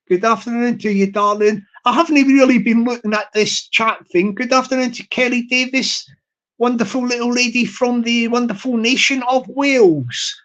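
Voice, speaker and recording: A man's voice: high-pitched, fairly bright tone, poor audio. A man talks to his live stream in a loose, rambling way. He stalls on fillers and restarts often, and he repeats his points over and over. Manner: halting, repetitive, many fillers and restarts.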